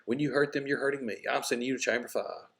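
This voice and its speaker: A man's voice: medium pitch, steady tone, fast, a bit bright, pitched above the performer's own voice, natural voice. A man reading aloud the part of God, a weary and stern male judge who hands out sentences in a dry, matter-of-fact way.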